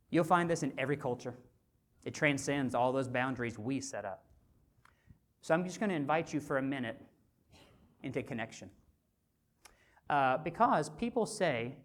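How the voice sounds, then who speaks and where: A male physician giving a motivational conference talk, conversational and animated, often asking the audience rhetorical questions. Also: mid-range voice, normal speed, pauses often. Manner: animated storyteller. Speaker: physician and speaker at a health summit.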